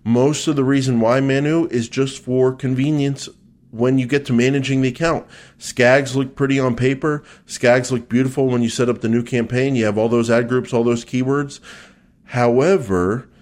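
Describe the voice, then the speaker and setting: A man's voice: mid-range voice, fairly even intonation, moderate pace, darkish tone. A man co-hosting a podcast, joking with his partner, then explaining search ads steadily with some fillers. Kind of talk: casual podcast chat and explanation.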